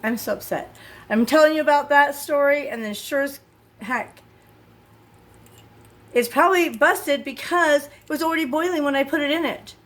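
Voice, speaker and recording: A woman's voice: high-pitched, moderate pace, pauses often, fairly bright tone. A woman chatting casually in her home kitchen while cooking, thinking aloud and getting easily exasperated. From Utah. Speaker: cooking vlogger.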